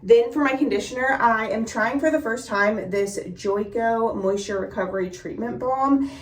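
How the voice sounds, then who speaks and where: A woman's voice: fairly high pitch, normal speed. A young woman giving a casual hair tutorial in a chatty, friendly way with lots of fillers, slightly out of breath. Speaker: beauty vlogger. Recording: roomy echo, mic a bit distant.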